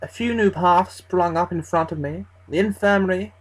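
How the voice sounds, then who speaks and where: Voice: mid-range voice, normal speed, poor audio. A narrator telling a first-person horror story in a casual, conversational way, swearing freely as they go. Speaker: creepypasta narrator.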